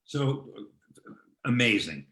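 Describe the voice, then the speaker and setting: Slow-talking male host in a roomy space. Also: mid-range voice, sing-song, a bit bright. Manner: brief reactions, halting questions. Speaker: interview host. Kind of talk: conversational interview.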